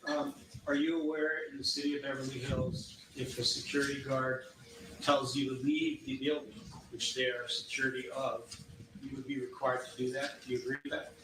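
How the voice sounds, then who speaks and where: A man working as an attorney, pressing a witness with measured yes-or-no questions in a courtroom. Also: medium pitch, flat delivery. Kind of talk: courtroom cross-examination. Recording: distant mic in echoey courtroom, noisy.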